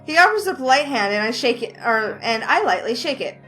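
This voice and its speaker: Brief: woman game host reading story narration aloud, chatty, high voice, faint music under. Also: very animated, fairly quick, pushed and bright. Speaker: gaming video host. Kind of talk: narrating a visual novel let's play.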